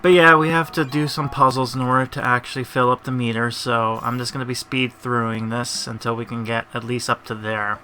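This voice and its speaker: A man's voice: medium pitch, steady tone, fairly quick, hardly any pauses, bright, forceful tone, soft background music. A man hosting a casual let's-play, rambling and making sarcastic asides at the game's story. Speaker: gaming channel host.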